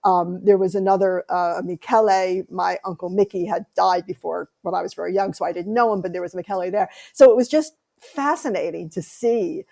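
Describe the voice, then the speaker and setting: An American woman author, a guest on an interview podcast, telling lively anecdotes in conversation. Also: on the low side, brisk, creaky, few pauses. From United States.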